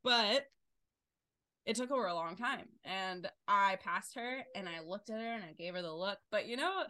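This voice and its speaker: Young woman, bright tense voice, lively sweary storytelling, dry close sound. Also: medium pitch, moderate pace, no echo. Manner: animated storytelling, swears freely, loud outbursts. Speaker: podcast co-host. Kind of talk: casual chat.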